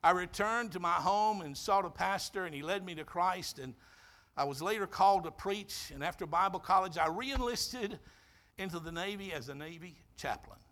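A man's voice: high voice, moderate pace, a bit bright, voice pushed up. A man voicing a grateful middle-aged navy chaplain who tells his story eagerly.

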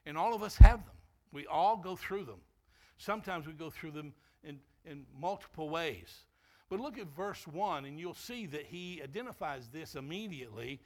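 A man, a pastor, preaching a sermon and shifting into a quiet storytelling tone for a personal anecdote. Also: fairly high pitch, lively intonation, moderate pace.

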